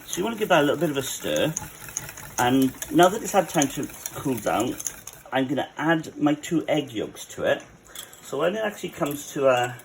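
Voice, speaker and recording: A Welsh-accented man who cooks at a cafe hosts a casual cooking tutorial from his home kitchen, chatting through a recipe with fillers and asides. His voice is mid-range. The recording is rough, with a little hiss or hum.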